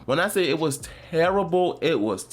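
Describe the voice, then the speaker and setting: A man's voice: fairly high pitch, normal speed, breathy edge, soft background music. Rambling man chatting about games. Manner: rambling, animated, many fillers and restarts. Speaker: podcast host. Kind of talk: casual gaming chat.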